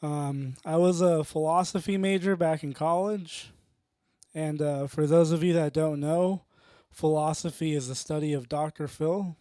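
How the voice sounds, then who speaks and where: A man's voice: fairly high pitch, fairly even intonation, unhurried, dark tone, no room sound, studio quality. A young man doing a stand-up set with a sleepy, drowsy-sounding delivery. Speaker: stand-up comedian. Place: comedy club stage.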